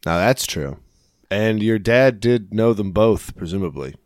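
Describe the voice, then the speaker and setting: A man's voice: lowish voice, expressive, measured pace, dry recording, clean studio sound. A man co-hosting a podcast, chatting casually and joking in a rambling way. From United States. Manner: jokey, rambling, laughs often. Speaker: podcast co-host. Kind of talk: casual chat.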